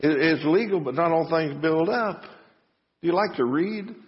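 A pastor giving a conversational sermon full of rhetorical questions and a folksy manner. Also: male voice, fairly high pitch, expressive, normal speed. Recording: muffled sound with long reverb.

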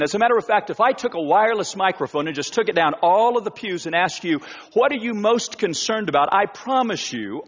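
A man's voice: high-pitched, fairly bright tone, slightly rough. A male pastor preaching a sermon in a church, emphatic, with repeated phrases and rhetorical questions. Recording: dull church recording with long reverb.

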